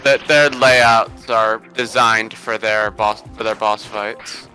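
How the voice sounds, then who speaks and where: A man's voice: on the low side, steady tone, takes it slowly, bright, forceful tone, faint music behind, poor audio. A man chatting casually over a game stream, explaining game details and laughing often. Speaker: stream co-commentator. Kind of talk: casual chat over gameplay.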